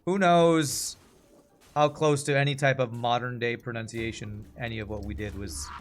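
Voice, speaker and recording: Over a noisy background with faint game music, a Texas man in his forties speaks at a fairly low pitch in an American accent. As a game streamer, he's chatty and rambling, giving casual commentary and reading chat aloud.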